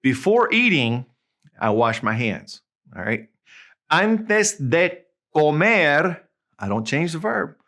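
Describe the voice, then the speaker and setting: A man with a Southern US accent gives a casual video lesson. He sounds friendly and chatty, at a mid pitch for a man, and slows down to spell out each example. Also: very animated, gravelly, sharp tone. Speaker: Spanish tutor.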